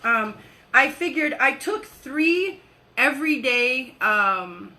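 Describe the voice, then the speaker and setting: A woman hosts a live workshop in a bright, forceful voice that sits a little high. She chats casually and laughs easily, rushing her words when excited and slowing down to lead guided breaths. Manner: talks quickly when excited, laughs often; leads slow guided breathing. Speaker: wellness coach.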